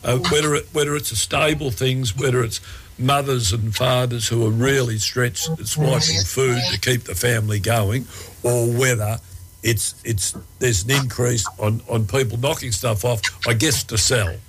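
An Australian man hosts a casual radio chat from the studio. His voice is gravelly, and he hesitates, restarts his sentences and fills the gaps. A faint hiss sits under the voice. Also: medium pitch, steady tone, rough recording. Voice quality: halting, many fillers and restarts. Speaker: radio host.

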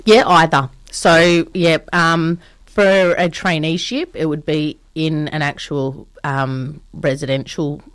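A woman's voice: low-pitched, steady tone, slow, no room sound. A woman answering interview questions in casual chat, explaining courses in a friendly way with lots of ums. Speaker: training provider guest.

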